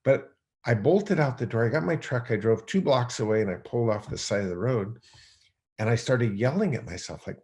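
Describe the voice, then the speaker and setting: A man's voice: mid-range voice, expressive, brisk, darkish tone. A man telling a personal story as a podcast guest, rambling with many fillers and acting out his own past thoughts aloud. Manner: loose and rambling, heavy on fillers. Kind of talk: conversational storytelling.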